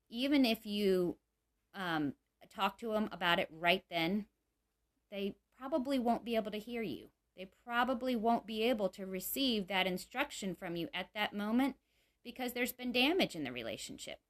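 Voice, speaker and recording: A woman's voice: medium pitch, lively intonation, moderate pace. Earnest woman talking about parenting. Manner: earnest, many fillers like "you know". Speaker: mother giving parenting advice. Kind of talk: casual talk.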